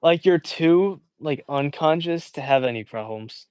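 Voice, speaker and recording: A man's voice: fairly high pitch, expressive, a little slow, a little mellow, clean tone, no room sound. A young man guesting on a livestream, rambling and musing in crude casual slang. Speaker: stream guest.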